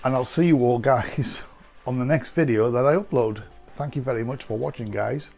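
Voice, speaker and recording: In a food taste-test vlog, a man talks at medium pitch and normal speed, his voice creaky and darkish, with faint music behind. His chat is casual and rambling, packed with filler ums and uhs.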